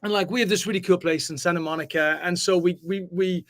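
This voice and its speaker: A man hosting a live business talk, hyped and fast-flowing, swearing casually and swinging between loud and quiet. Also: high voice, fairly even intonation. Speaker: host. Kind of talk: energetic live-stream chat.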